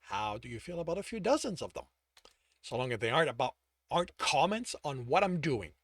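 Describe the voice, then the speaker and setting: A man's voice: on the high side, sing-song, brisk, no echo, studio quality. A man voicing a stubborn, furious young male mage who snaps his words through clenched teeth. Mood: angry.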